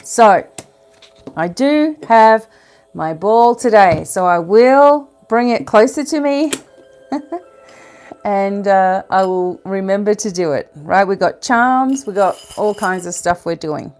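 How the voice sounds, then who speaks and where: A woman's voice: medium pitch, expressive, takes it slowly, darkish tone, a little hiss or hum. A woman giving a casual oracle card reading to her viewers, chatting, laughing at her own slips and reading card text aloud.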